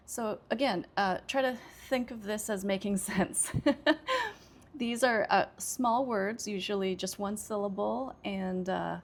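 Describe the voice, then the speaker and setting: A woman's voice: medium pitch, gravelly. An American woman teaching an English pronunciation lesson, explaining patiently with frequent "okay" and small hesitations. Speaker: ESL teacher.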